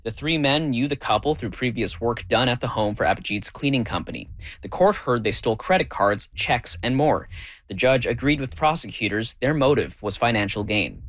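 A man's voice: mid-range voice, normal speed, no room sound. Male reporter, dry close voice. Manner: even scripted narration. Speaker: news reporter. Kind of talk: broadcast news report.

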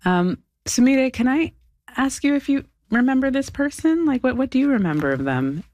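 A woman interviewing, asking soft, tentative questions and rephrasing them as she goes. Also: sits high, very animated, moderate pace, no room sound.

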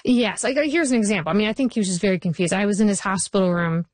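A woman television writer answering interview questions, telling stories with lively acted-out quotes. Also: mid-range voice, quick pace, no room sound. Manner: animated, acts out quoted voices in anecdotes. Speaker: TV writer and showrunner guest. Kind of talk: conversational interview storytelling.

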